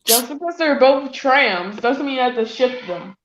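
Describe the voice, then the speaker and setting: A woman's voice: high-pitched, animated, moderate pace. A woman in casual stream chat, teasing and cutting in with questions. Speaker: stream co-host. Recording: dull echoey room sound.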